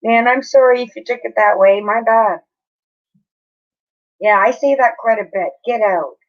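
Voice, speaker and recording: A woman's voice: fairly high pitch, unhurried, highs cut off. A woman chatting casually with viewers on a live stream, apologetic and talking straight to her chat.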